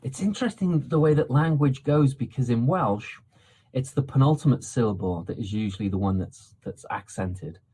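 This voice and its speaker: A man hosting a podcast interview, eager and halting, with many fillers and restarts. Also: mid-range voice, lively intonation, mellow, a little hiss or hum. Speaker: podcast host.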